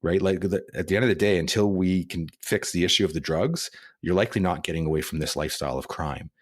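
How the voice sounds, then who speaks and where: A police officer and author appears as a podcast guest, speaking earnestly in a low voice at a quick pace, recorded with studio quality and no echo. When he quotes what he told people, his delivery speeds up and rises.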